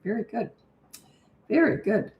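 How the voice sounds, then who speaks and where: A woman's voice: a little high, animated, a little slow, highs cut off. An older woman, a parenting coach, answering viewer questions in a chatty, direct way. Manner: chatty and direct, reads comments aloud. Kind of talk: live Q&A answering viewer comments. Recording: echoey room.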